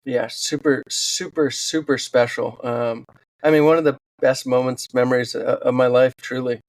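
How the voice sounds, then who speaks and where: A wildland firefighter and author appears as a podcast guest, telling stories in an earnest, animated way during a casual interview and saying "um" often. His voice is at an ordinary middle pitch and he speaks at a moderate pace. The recording is dry and close, with little room sound.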